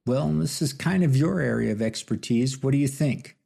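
Man playing mocking cocky rival, wisecracking, gravelly, husky, audiobook. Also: medium pitch, moderate pace, dark tone, voice pushed up. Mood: wry. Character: cocky, mocking male reenactment organizer.

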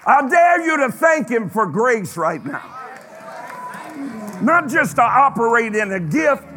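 A man's voice: very high voice, very animated, slow, bright, forceful tone, a faint crowd, slight background noise. A man preaching a sermon to his congregation, emphatic, stretching out phrases and firing questions at his listeners. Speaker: pastor. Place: church sanctuary. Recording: reverberant hall.

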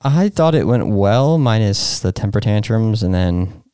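Laid-back husband, low mellow voice. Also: male voice, expressive, measured pace, clear, resonant tone, no room sound, clean studio sound. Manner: laid-back, brief replies. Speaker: co-host, husband. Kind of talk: casual podcast chat.

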